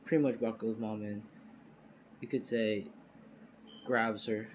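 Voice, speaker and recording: A man's voice: fairly low pitch, steady tone, measured pace, a little hiss or hum, rough recording. A man improvising a fan story aloud, rambling with many fillers and restarts, recorded on a phone. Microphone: phone screen recorder.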